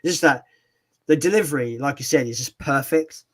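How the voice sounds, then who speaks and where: A man's voice: mid-range voice, brisk, a bit bright. A man hosting a live movie chat, rambling casually with many restarts.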